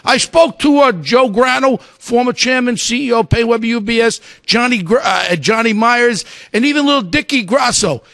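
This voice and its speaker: A man with a strikingly high voice rants on a talk radio show, loud and outraged, hollering his points. The sound is close and dry, with no room around it. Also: moderate pace, vocal fry, few pauses, no room sound. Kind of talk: ranting talk radio commentary.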